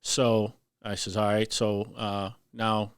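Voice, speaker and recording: A man's voice: lowish voice, takes it slowly, clear, resonant tone, no echo. A middle-aged man, a veteran fire lieutenant, telling a story in casual podcast talk and acting out the voices of the people in it. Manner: animated, acts out voices in his story. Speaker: firefighter lieutenant guest.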